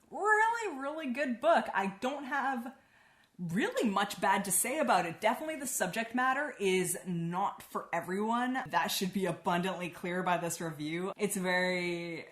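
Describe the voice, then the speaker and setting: A woman's voice: fairly low pitch, fairly bright tone, reverberant. A woman giving a casual spoken book review, chatty and swearing freely, with lots of "like".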